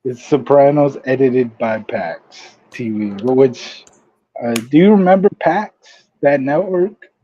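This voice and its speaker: A man co-hosting a wrestling podcast, reminiscing in relaxed, offhand casual chat. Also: mid-range voice, takes it slowly, dull audio, a little hiss or hum. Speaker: podcast co-host.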